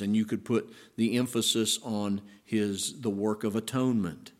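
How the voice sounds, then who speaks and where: A man preaching a sermon as pastor, swinging between emphatic rising passages and hushed slow phrases to stress key words. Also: fairly low pitch, steady tone.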